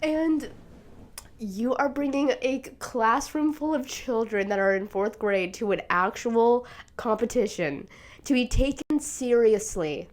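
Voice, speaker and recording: A young woman hosting a casual solo talk show, swearing freely and getting emotional, laughing through tears and turning loud and shrill as she gets carried away. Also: measured pace. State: sick, tearful. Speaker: podcast host. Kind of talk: casual monologue.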